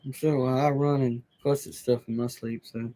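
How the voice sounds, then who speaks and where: A man making relaxed side remarks during a home livestream. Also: mid-range voice, moderate pace. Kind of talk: casual chat.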